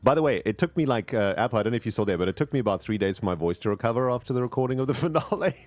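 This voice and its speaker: Guy streaming a game, chatty and excitable, voice jumps all over the place, dry close sound. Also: medium pitch, racing, no echo, faint music behind. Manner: chatty, excitable, greets viewers. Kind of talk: casual live gameplay chat.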